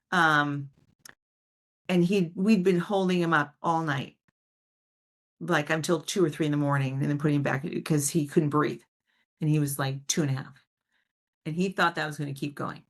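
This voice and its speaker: A woman giving a casual talk on a video call, answering parents' questions and telling stories with warm, animated emphasis. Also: low-pitched. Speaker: parent educator, guest speaker.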